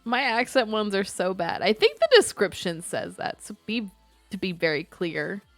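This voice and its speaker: A woman's voice: medium pitch, sing-song, normal speed, faint music behind. A young woman streamer chatting casually to her live audience, giggling and answering chat as she plays. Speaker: Twitch streamer.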